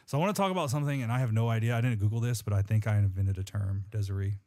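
A podcast co-host with a lowish, warm voice talks very fast as he reads scripture and chats. His casual talk is earnest and rambling, full of restarts.

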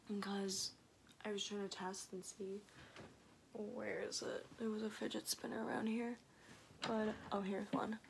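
A woman's voice: medium pitch, vocal fry, slight background noise, poor audio. Chatty young woman slipping into whispers. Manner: rambling, chatty, often dropping to a whisper. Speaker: vlogger. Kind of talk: casual video diary chat.

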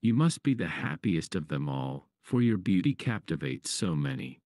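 A man's voice: low-pitched, sing-song, normal speed, a little mellow, dry recording, studio quality. A man voicing a sorrowful, pleading male raven in a fable.

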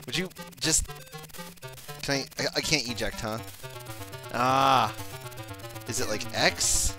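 A man's voice: mid-range voice, takes it slowly, over music, poor audio. A man giving rambling, self-deprecating commentary while playing a video game. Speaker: let's play commentator. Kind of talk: gameplay commentary.

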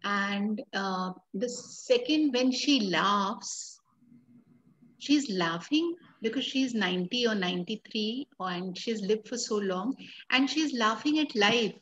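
A woman's voice: mid-range voice, lively intonation, slow pace, a bit bright, muffled recording, a little hiss or hum. A woman in a book club discussion, earnestly building her points step by step.

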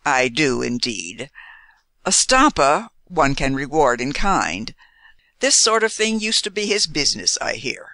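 A courteous, polished gentleman with a hint of mockery, read by a man in his own voice. His tone is bright and forward, and the reading sounds close and dry. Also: a little high, big pitch swings, a little slow, no echo, heavily acted. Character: smooth, courteous scheming foreign gentleman.

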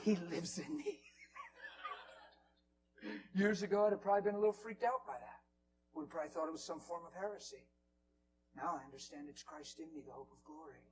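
A man preaching in a church, telling stories in a Q&A session, going from loud to hushed whispers. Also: sits high, brisk, long pauses, a little hiss or hum, poor audio. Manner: animated storyteller, swings from loud to hushed whispers. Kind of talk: Q&A teaching with storytelling.

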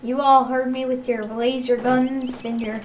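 A woman's voice: high-pitched, little pitch movement, a little slow. A young woman chatting casually while playing a game, giggly and teasing, recorded on a distant mic with background noise. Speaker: gamer.

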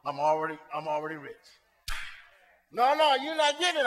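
A male pastor preaching a sermon to his congregation, swinging between soft asides and shouted points, talking to them in a casual, colloquial way. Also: high-pitched, big pitch swings, brisk, long reverb tail. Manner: colloquial, talks straight to the congregation. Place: church sanctuary.

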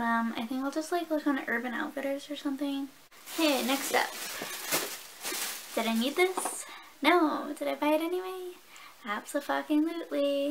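A woman's voice: high-pitched, a little hiss or hum, rough recording. A young woman casually telling stories and chatting while doing her makeup, swearing and laughing often. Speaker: beauty vlogger. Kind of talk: casual get-ready-with-me chat.

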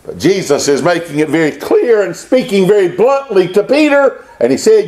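High, animated preaching man. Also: normal speed. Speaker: pastor. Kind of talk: sermon. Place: church.

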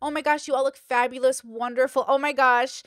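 A woman's voice: sits high, steady tone, brisk, a bit bright, no room sound, clean studio sound. A woman putting on a sugary, catty girlfriend. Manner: gushing, sugary put-downs. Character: catty smiling woman friend, falsely sweet.

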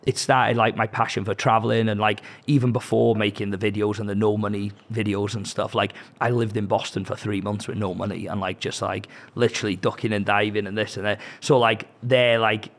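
A young British man, a podcast guest, telling animated anecdotes in casual chat. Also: on the low side, brisk, few pauses. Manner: chatty, animated anecdotes with quoted dialogue.

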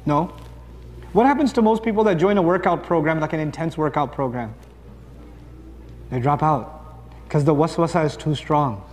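A man giving a sermon to a live audience, lively, acting out little dialogues as he goes. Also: a little high, moderate pace, pauses often, slight background noise. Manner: animated, acts out dialogues for the audience. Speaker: preacher. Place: large hall with long reverb. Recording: echoing hall reverb.

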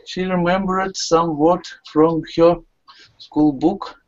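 In an online class, a woman student with a fairly low, steady voice reads a story slowly and haltingly, correcting herself and laughing as she stumbles. The video call microphone gives dull, lo-fi audio.

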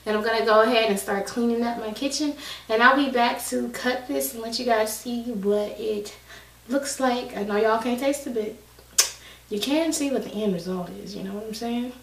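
A woman's voice: on the high side, moderate pace, a bit bright, recorded from a distance. Breathless woman chatting in a kitchen. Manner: chatty and folksy, talks straight to viewers. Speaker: cooking vlogger. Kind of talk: casual cooking demonstration. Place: home kitchen. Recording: roomy kitchen, mic set back.

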